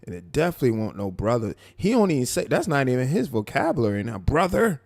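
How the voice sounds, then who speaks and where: A man hosting a live stream, commenting on a clip in a mocking, animated way. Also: medium pitch, gravelly, dry recording, studio quality. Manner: mocking, animated, drawn-out asides. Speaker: live show host.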